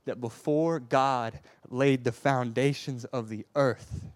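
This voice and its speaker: A man delivers a heartfelt sermon at a medium pitch. He drops to a near hush, then rises to loud emphatic pleas, and he stumbles over repeated words when stirred. The sound is dry and close, with no room echo. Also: fairly even intonation, takes it slowly. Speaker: preacher.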